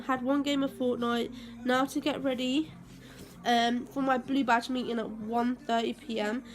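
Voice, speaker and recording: A young woman telling a rambling story to her vlog viewers, with many fillers and heated bursts. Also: a little high. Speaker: vlogger.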